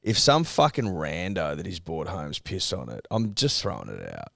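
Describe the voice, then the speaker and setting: A man's voice: sits low, sing-song, moderate pace, gravelly, fairly bright tone, no echo, clean studio sound. An Australian man hosting a podcast, chatting casually with blunt, sweary banter. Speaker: podcast host. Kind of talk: casual chat.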